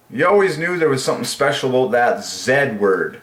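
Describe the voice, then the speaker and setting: A man hosting his own channel, musing aloud in casual solo commentary, enthusiastic and repeating words to himself, sometimes in a sing-song higher voice. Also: expressive, moderate pace, hardly any pauses, sharp tone, slight background noise. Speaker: channel host. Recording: echoey room.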